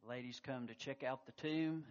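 A man's voice: medium pitch, moderate pace, lo-fi sound. A man preaching a sermon, telling a scripture story with emphatic surges of intensity. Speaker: pastor.

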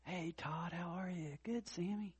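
With a measured pace and a slightly rough voice, a middle-aged North Carolina pastor preaches earnestly. His sermon dips into soft, low moments and rises to loud, impassioned peaks.

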